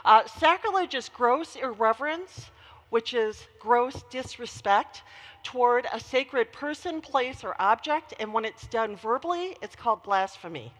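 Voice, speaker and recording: Lady preacher telling stories in her sermon, kinda high voice, lots of hall reverb. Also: unhurried. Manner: animated storytelling.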